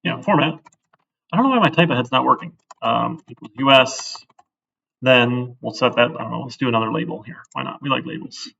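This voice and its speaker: Gravelly man teaching code out loud. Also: medium pitch, brisk. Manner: conversational, thinks aloud, often asks "right?". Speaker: programming instructor. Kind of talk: casual live-coding lecture. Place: classroom. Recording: distant, dull classroom recording.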